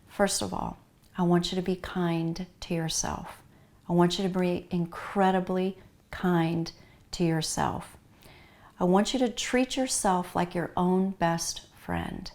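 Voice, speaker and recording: A middle-aged woman with a North American accent gives an earnest, heartfelt talk to grieving pet owners, urging them again and again. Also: fairly low pitch. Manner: earnest, repetitive, warmly urging. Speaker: pet loss grief speaker.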